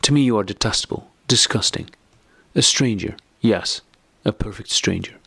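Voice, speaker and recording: A man with a low, gravelly voice reading the lines of a bitter, distraught wife in an audiobook. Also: fast talker, no room sound. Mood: furious. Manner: sharp, accusing outbursts.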